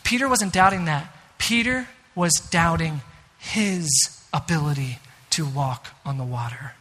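Male pastor, high bright voice, earnest preaching with casual asides, long church-hall reverb. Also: measured pace. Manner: earnest, emphatic, with conversational asides. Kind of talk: sermon.

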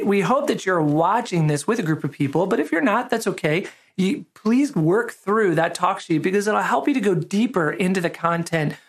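Male pastor, conversational sermon, easygoing storyteller who pokes fun at himself. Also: sits high. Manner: relaxed storytelling, self-deprecating humor.

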